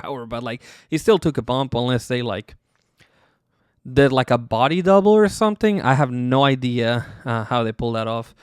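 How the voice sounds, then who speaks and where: A man's voice: medium pitch, clean tone, no echo, clean studio sound. A man hosting a podcast, recapping casually in a rambling, profane way, full of fillers and chuckles. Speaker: podcast host.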